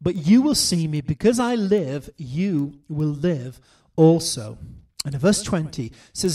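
A man preaching a sermon, reading scripture slowly and deliberately, swinging between loud declarations and soft hushed asides. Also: fairly high pitch, expressive, far from the mic.

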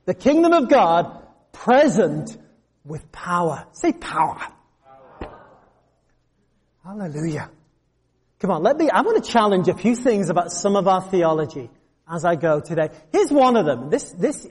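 A man's voice: high-pitched, normal speed, husky, big-room sound. A man preaching a sermon to a congregation, telling stories and acting out the voices of the people in them. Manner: animated storytelling, acting out voices.

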